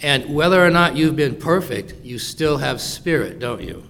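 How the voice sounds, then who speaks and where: A man's voice: a little high, normal speed, creaky, a little hiss or hum. A man preaching a sermon, explaining a Bible passage in casual modern words and acting out the quoted lines. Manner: animated, acts out quoted lines in voices.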